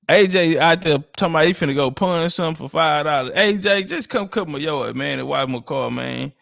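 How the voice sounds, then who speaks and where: A man's voice: on the high side, fairly quick, vocal fry, fairly bright tone, dry recording, clean studio sound. A man from Texas, hosting a livestream and bantering with viewers in a joking, boastful, profane way. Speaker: livestream host. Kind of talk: casual livestream chat with viewers.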